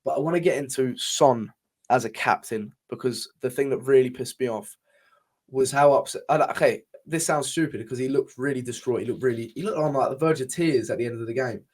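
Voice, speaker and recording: A man's voice: medium pitch, fairly quick, a little mellow. A young man co-hosting a casual podcast chat, talking passionately and with frustration, swearing freely and often restarting his sentences. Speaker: podcast co-host.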